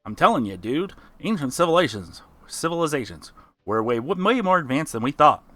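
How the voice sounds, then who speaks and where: A man voicing an excitable male crab pushing wild theories, talking insistently. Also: a little high, a little fast, no echo, soft background music.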